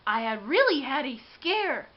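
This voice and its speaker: A woman giving an expressive, dramatic read-aloud of a children's storybook. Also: high voice, measured pace. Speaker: storybook reader. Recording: dull lo-fi with faint hiss.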